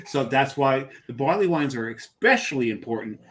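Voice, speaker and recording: A man's voice: medium pitch, lively intonation, normal speed, slight background noise. A man with an ordinary mid-range voice co-hosts a casual podcast. He jokes with his guests and laughs easily. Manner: jokey, laughs often. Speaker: podcast co-host. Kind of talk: casual chat.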